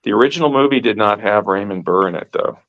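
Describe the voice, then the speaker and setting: A man's voice: on the low side, fast talker, a bit bright. A man from California co-hosting a casual podcast chat, explaining things emphatically. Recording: dull lo-fi recording.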